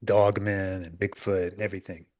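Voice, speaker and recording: Man, podcast co-host, storyteller, quotes people in voices, laughs, lowish pitch. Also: level tone, moderate pace, darkish tone. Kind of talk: casual storytelling chat.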